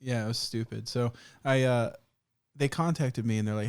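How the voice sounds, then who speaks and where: A man hosting a podcast, telling stories in casual chat, animated, swearing and laughing often. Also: medium pitch, normal speed, clear, resonant tone, no room sound. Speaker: podcast host.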